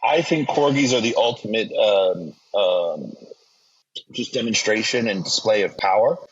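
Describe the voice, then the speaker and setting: A man's voice: on the low side, lively intonation, measured pace, husky. A man hosting a casual podcast chat, joking, swearing and laughing a lot. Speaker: podcast host. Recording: dull lo-fi sound.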